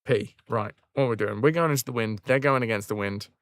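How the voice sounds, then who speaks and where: A man's voice: mid-range voice, fast talker, dry recording, studio quality. A man casually commentating on a game during a live stream, chatting with viewers and swearing when things go wrong. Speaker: livestream gamer.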